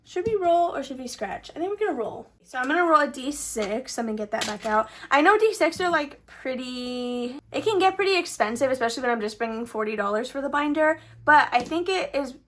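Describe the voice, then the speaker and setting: High-voiced chatty woman vlogger. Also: expressive, fairly quick, hardly any pauses, fairly bright tone. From Texas. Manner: chatty, filler-heavy, upward-trailing sentence endings. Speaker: budgeting vlogger. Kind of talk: casual savings challenge vlog.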